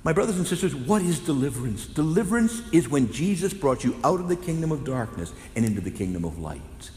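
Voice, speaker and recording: A Catholic priest preaches a sermon with fervent passion in a large echoing church, his fairly high voice swinging widely in pitch at a brisk pace. His delivery rises to loud, impassioned exclamations, and the recording has roomy hall reverb.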